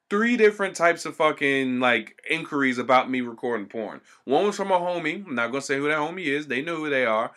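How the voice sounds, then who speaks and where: A man's voice: fairly high pitch, expressive, brisk, pushed and bright. A man telling stories in a casual, profane way, swearing constantly and acting out the people he quotes.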